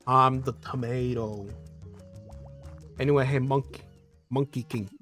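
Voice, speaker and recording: Slow, easygoing man streaming and chatting, rambling with restarts, faint music behind him. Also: mid-range voice, steady tone, fairly bright tone. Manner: rambling, loose and profane, with laughs and restarts. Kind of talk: casual live-stream chat.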